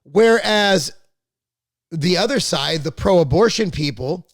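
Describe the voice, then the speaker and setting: He speaks slowly in a high voice with lively intonation, and the studio-quality recording is dry. Hosting a podcast, he chats casually about politics at length: opinionated, blunt, occasionally profane, rambling, with frequent restarts and repeated words.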